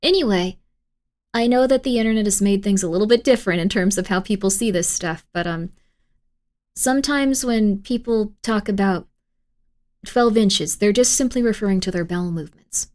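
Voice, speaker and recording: A woman's voice: mid-range voice, moderate pace, a little mellow. A woman streamer chatting casually with her live chat, giggly, rambling and full of apologies. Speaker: streamer reacting to videos.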